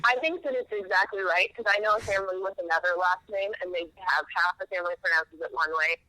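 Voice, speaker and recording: A woman's voice: lowish voice, fast talker, bright, forceful tone, dry recording. A woman calling in to a podcast by phone, explaining things in a friendly, matter-of-fact way. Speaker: caller. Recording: phone line.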